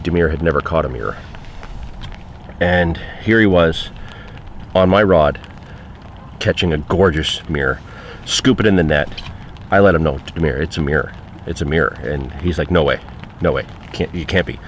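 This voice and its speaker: Low-voiced guy telling a fishing story, chatty with lots of uh's, faint outdoor noise behind. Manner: conversational, frequent fillers. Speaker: angler recounting a trip. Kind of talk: casual spoken anecdote.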